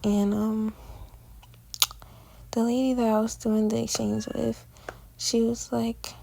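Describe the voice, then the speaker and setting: A woman's voice: a little high, level tone, slow pace, creaky, dark tone, rough recording. An eighteen-year-old woman narrating a casual travel vlog in a chatty, slangy storytelling way. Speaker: vlogger.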